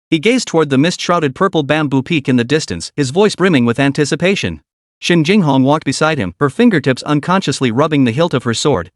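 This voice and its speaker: Narrator: man, slightly high voice, steady scripted recap, dry close sound. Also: no room sound. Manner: steady storytelling.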